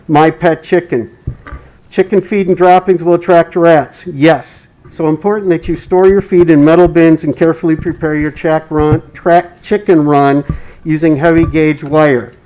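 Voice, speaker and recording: A man's voice: a little high, steady tone, dark tone, rough recording. Man reading formal public comment. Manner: reads prepared quotes in a measured, formal way. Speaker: resident speaking at public comment.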